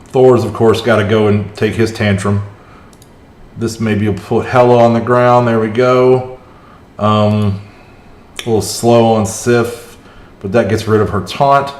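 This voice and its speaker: A man's voice: fairly low pitch, steady tone, unhurried, long pauses, a little mellow. Man streaming gameplay in an echoey room. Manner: chatty, reacts aloud to the match, chats with viewers. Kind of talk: live gameplay commentary. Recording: roomy echo.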